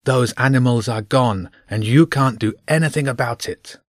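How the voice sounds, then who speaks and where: A cruel woman ringmaster from a storybook sneers and spits her words with haughty contempt, as a man puts her on. The voice is pitched up and pushed louder than a plain telling, and the sound is dry and close. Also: normal speed, no room sound, natural voice. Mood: scornful. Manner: haughty, spitting contempt, loud.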